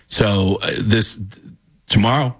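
A man's voice: lowish voice, slow pace. A man in his fifties from the Bronx, a comedian guest telling stories on a radio studio interview. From the Bronx, New York. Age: 50s. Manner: storytelling, animated, breaks into impressions. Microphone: studio microphone.

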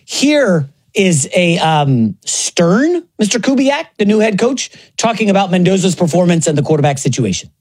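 High-voiced sarcastic male sports host. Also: moderate pace, few pauses, slightly rough. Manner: sarcastic, animated, mocks others in put-on voices. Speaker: sports talk show host. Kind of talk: opinionated sports commentary.

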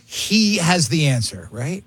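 A man's voice: on the high side, sing-song, slow pace, fairly bright tone, husky, no echo. Teasing, chummy male radio host. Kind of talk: casual radio banter.

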